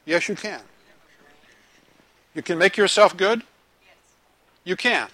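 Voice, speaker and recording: A man preaching a sermon to a live group, asking them questions and telling a lively joke. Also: high voice, slow pace, no echo, rough recording. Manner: animated storytelling, joke-telling.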